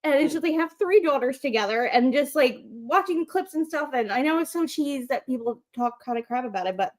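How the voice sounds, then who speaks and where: A woman's voice: high-pitched, a little fast. A woman co-hosting a wrestling talk show, gushing and telling stories with lots of fillers. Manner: gushing, animated storytelling with many fillers. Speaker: podcast co-host. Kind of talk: casual chat.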